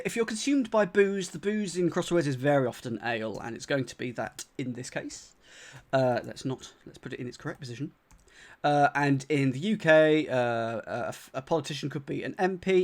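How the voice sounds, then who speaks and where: British man thinking aloud over crossword clues. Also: a little high. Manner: thinks aloud, repeats clues, many fillers and restarts. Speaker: streamer solving crosswords live. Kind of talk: casual live-stream commentary.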